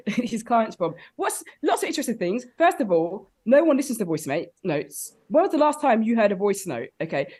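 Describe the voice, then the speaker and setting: A woman guest on a comedy podcast panel, telling stories in a lively, laughing way full of big exclamations. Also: on the high side. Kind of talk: comic podcast banter.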